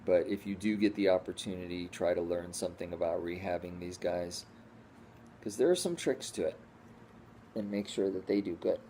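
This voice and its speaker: A man's voice: sits low, normal speed, mellow, slight background noise. A man from the Northeastern United States chatting casually at home in a rambling, easygoing way, full of restarts. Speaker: squirrel rehabber vlogger. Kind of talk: casual home vlog chat.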